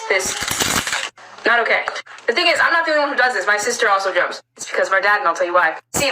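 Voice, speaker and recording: A woman's voice: medium pitch, noisy background. A woman in her early twenties telling personal stories in a chatty, confiding way, often turning to her viewers. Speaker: storyteller. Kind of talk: story time narration.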